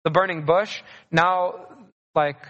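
A man with a notably high voice delivers a sermon, earnest and steady. He leans on repetition to press each point home. His words ring out with a long reverb, as in a large hall. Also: slow, muffled recording. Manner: earnest, repeats key phrases for emphasis. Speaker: preacher.

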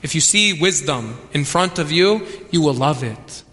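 A man's voice: on the high side, lively intonation, unhurried, sharp tone. A man preaching a sermon, emphatic and repeating key phrases for weight. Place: church. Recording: long reverb of a church hall.

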